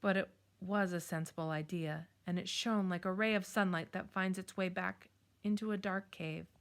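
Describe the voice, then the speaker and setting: A woman reading a children's chapter book aloud in a calm, measured storytelling manner. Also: lowish voice. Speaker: storybook reader.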